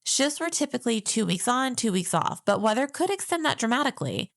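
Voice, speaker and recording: A woman's voice: a little high, big pitch swings, fairly quick, gravelly, no room sound, clean studio sound. A woman co-hosting a podcast in a casual chat, telling facts and laughing often. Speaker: podcast co-host.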